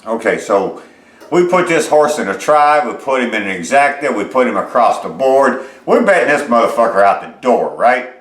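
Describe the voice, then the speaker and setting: A middle-aged man hosting a home cooking vlog, chatting in a rambling, folksy way, swearing freely and filling pauses with lots of uhs. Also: mid-range voice, big pitch swings, a bit bright. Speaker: home cooking show host. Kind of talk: casual cooking vlog chat. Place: home kitchen. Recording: roomy echoey kitchen sound.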